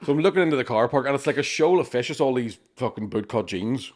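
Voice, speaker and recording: This man from Ireland talks fast in a mid-range voice while telling a rowdy story as a podcast co-host. The chat is casual, packed with constant swearing, repeated "right?" tags and quoted voices he performs for other people.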